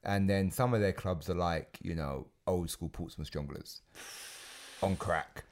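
A British man hosting a podcast in casual chat, slangy and animated, laughing often as he talks. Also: low-pitched, unhurried. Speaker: podcast host.

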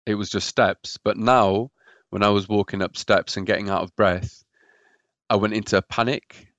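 A man's voice: on the low side, steady tone, normal speed, fairly bright tone, no room sound. A man telling his own story as a podcast guest, hesitant and often repeating words. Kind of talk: personal story in a podcast interview.

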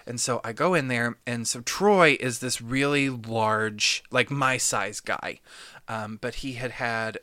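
Male podcast co-host, chatty storyteller, bright and dry. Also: medium pitch, a little slow, no echo. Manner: animated anecdote-telling with laughs. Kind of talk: casual storytelling chat.

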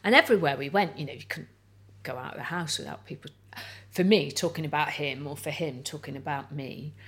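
Low-voiced woman telling stories. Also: fairly quick, a bit bright, breathy edge. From North Wales. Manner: chatty storyteller, lots of "like" and "you know". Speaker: guest. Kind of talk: casual chat over lunch.

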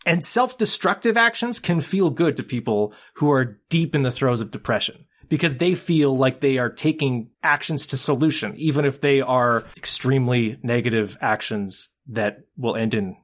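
Talking loosely about a movie, a married man co-hosting a podcast gets animated, curses freely and performs film scenes as quotes. He speaks at a medium pitch and moderate pace, barely pausing.

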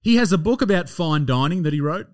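A man's voice: a little high, expressive, fast, a little mellow. An Australian man hosting a podcast, joking and swearing in casual banter. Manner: sweary, jokey, laughing. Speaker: podcast host.

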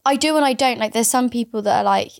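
Fast-talking giggly woman. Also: a little high, dry recording, studio quality. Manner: chatty, giggly, rambling. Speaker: podcast co-host. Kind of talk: casual chat.

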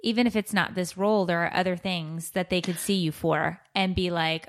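A woman co-hosting a podcast, encouraging and teasing, quick to reassure her friend. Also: fairly low pitch, fairly even intonation. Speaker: podcast co-host. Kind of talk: casual chat.

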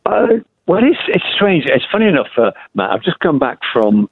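A man's voice: medium pitch, very animated, normal speed, breathy edge, no room sound. Older Liverpool man on a tinny phone line. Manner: rambling, anecdotal. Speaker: guest poet. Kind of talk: casual radio interview.

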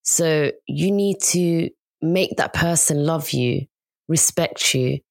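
A woman chats casually, chiming in supportively and now and then exclaiming with animation. Her voice sits low for a woman. The recording is close and dry. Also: takes it slowly, gravelly, no echo. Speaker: podcast co-host. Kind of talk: casual chat.

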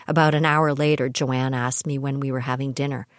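A woman's voice: extremely low pitch, flat delivery, brisk, no room sound. A middle-aged woman from Canada telling personal stories on her podcast with dry, wry humor. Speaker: podcast host. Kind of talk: scripted personal storytelling.

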